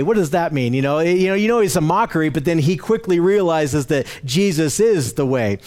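A man giving a verse-by-verse Bible teaching in a conversational way, with frequent fillers and restarts as he explains the text word by word. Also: high voice. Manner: explains word by word, using slides.

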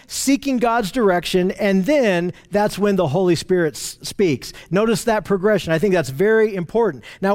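A man with a notably high voice leads a relaxed Bible study. He talks it through in a conversational way, often repeating himself and stopping to restart a phrase. He keeps telling his listeners what to notice and puts questions to the group.

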